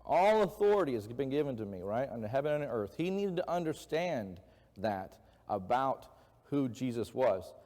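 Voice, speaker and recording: A man delivers a sermon in a conversational style in a church sanctuary, frequently asking the congregation questions. His mid-range voice is sing-song and a little mellow, at normal speed, echoing through the church hall.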